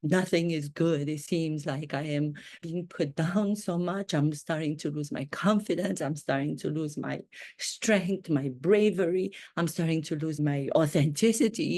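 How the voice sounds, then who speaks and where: A woman putting on a vain, self-pitying duchess in a satirical impression, speaking slowly and theatrically. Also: sits low, a little mellow, pitched below the performer's own voice. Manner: slow, grandiose, theatrical delivery with drawn-out words. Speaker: acting coach.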